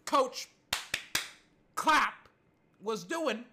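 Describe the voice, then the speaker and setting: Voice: mid-range voice, unhurried. American sports vlogger ranting, fired up, talks back at haters, kinda tired. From United States. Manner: animated, argues with imagined critics. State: a little tired. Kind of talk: casual sports rant.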